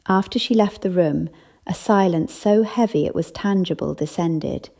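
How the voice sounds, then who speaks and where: A woman reads a cozy mystery audiobook in an even, measured way. Her voice sits low and dark, with a gravelly texture, and the delivery is calm and steady throughout. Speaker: audiobook narrator. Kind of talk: scripted narration.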